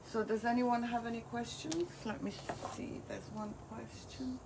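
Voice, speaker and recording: A woman's voice: a little high, measured pace, creaky, darkish tone, slight background noise. A woman hosting a live craft demonstration, chatting as she walks viewers through each step. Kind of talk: live craft product demo.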